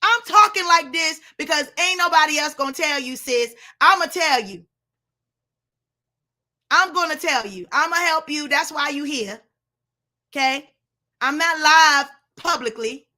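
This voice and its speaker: A woman's voice: sits high, unhurried, bright, forceful tone. A woman giving a blunt, preachy motivational talk on a live stream, speaking straight to her listeners as sis and y'all.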